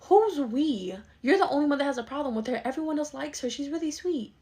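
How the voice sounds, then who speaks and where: Comedy skit: woman as a sarcastic, fed-up grown daughter, rapid delivery, slightly high voice. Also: expressive, dark tone. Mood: incredulous. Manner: argumentative, sarcastic. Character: exasperated young adult daughter arguing with her mom. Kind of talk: skit role-play.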